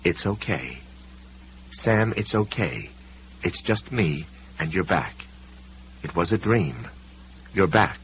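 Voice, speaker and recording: A calm, comforting woman, voiced by a male narrator in his own low register, speaking softly and soothingly. The audiobook sound is dull, with a faint hum underneath. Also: slow, long pauses, exaggerated voice.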